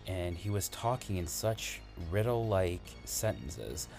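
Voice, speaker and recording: A man who works as an emergency responder, earnestly retelling a frightening call in halting, conversational storytelling. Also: low voice, expressive, gravelly, darkish tone, soft background music. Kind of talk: spoken storytelling.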